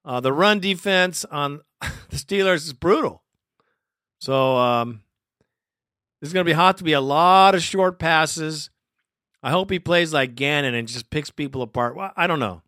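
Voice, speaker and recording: A man hosting a fan podcast, his bright, forceful voice sitting a bit high. He rambles emotionally and laughs often. The sound is close and dry. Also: a little slow, no room sound. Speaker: podcast host. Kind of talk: casual fan podcast commentary.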